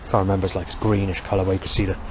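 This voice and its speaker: A man's voice: sits low, level tone, very fast. A middle-aged man talking in a meandering monologue, restarting and swearing often. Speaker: vlogger. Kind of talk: rambling monologue. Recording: outdoor street and traffic noise.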